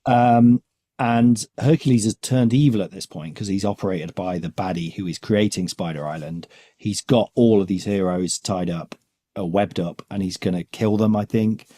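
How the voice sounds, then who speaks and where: A man co-hosts a casual, comedic podcast chat in a lowish, mellow voice. He rambles, trails off and laughs often as he goes. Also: normal speed. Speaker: podcast co-host.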